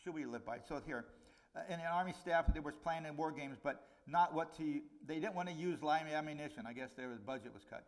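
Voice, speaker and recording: A middle-aged man preaching a sermon in a fairly high voice. He talks to the congregation in an easy, conversational way. He lifts his voice to stress key points and sinks it low and quiet for warnings. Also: brisk. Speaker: pastor.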